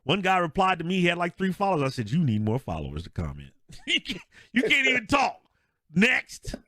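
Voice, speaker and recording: A male podcast co-host with a high voice talks a little fast, recorded in a clean studio with no room sound. His casual sports chat is full of animated storytelling, frequent laughter, and acted-out quotes.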